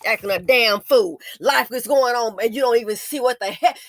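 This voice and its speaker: On a commentary video, a woman scolds her audience in an angry, foul-mouthed rant. Her voice is on the high side, at normal speed with hardly any pauses, and the studio-quality recording is dry.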